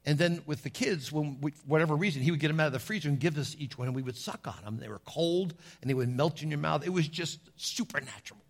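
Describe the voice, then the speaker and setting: Middle-aged male preacher, slightly higher pitch, husky tone, folksy sermon delivery. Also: quick pace, few pauses. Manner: folksy storytelling, calls out "Amen?" to the congregation.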